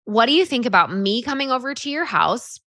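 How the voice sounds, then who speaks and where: Bright, chatty woman coaching sellers. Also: on the high side, a little fast, no echo, clean studio sound. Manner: chatty, animated, acts out example scripts. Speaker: sales coach. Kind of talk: coaching talk on social selling.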